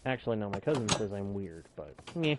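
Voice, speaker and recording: A man's voice: on the low side, lively intonation, fairly quick, noisy background. A man hosting a live game stream, chatting casually and jokingly with viewers and the game. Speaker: streamer and channel host.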